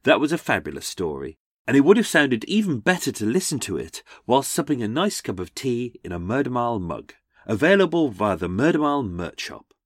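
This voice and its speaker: A man's voice: mid-range voice, very animated, brisk, dry recording, clean studio sound. A man hosting a comedic true-crime podcast, sardonic with jokey asides. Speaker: podcast host.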